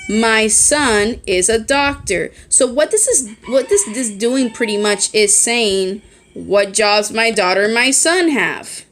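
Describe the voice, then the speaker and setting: A woman's voice: medium pitch, a bit bright. A woman teacher giving a recorded lesson on her phone, explaining step by step and checking in often. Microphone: phone held in hand.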